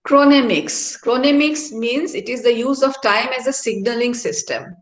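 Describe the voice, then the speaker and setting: A woman's voice: on the high side, normal speed. A middle-aged woman, a professor giving a classroom lecture and often checking in with "all right?". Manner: explanatory, asks tag questions like "no?" and "all right?". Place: university activity centre hall. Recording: roomy hall echo.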